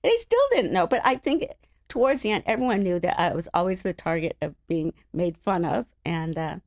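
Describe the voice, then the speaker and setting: A middle-aged woman from the Los Angeles area, an interview guest telling stories in an animated, laughing way. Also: lowish voice, brisk, dry recording, studio quality. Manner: animated, laughing, acts out other people's voices. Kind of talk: casual storytelling chat.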